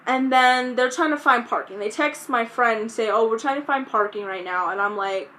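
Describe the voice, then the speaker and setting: A young woman telling a storytime vlog, recounting events in an animated, exasperated way and quoting herself often. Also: a little high, normal speed. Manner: animated, exasperated retelling with quoted self-talk. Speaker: vlogger.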